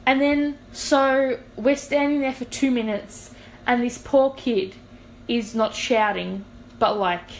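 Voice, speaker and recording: Young aussie woman chatting on a podcast, lively storyteller, bit of faint hiss behind her. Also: mid-range voice, rough recording. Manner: animated, acts out quoted dialogue. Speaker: podcast co-host. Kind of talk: casual storytelling chat.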